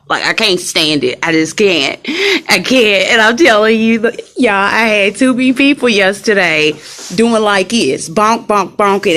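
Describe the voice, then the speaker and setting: On a casual live stream from a hospital room, a woman rants emphatically straight to her viewers, repeating herself. Her voice is on the low side with a fairly bright tone.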